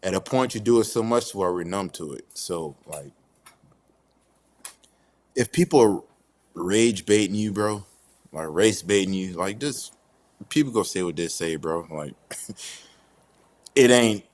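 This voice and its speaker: A man's voice: low-pitched, lively intonation, unhurried, long pauses, darkish tone. A man talking as a wrestler guest in a casual interview, laid-back and slangy, calling the host "bro".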